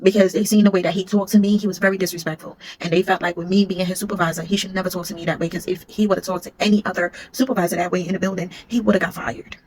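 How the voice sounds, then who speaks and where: A woman's voice: on the low side, a little hiss or hum. A woman, a former security supervisor, casually telling a storytime vlog and acting out what others said. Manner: rapid, animated retelling, acting out what others said.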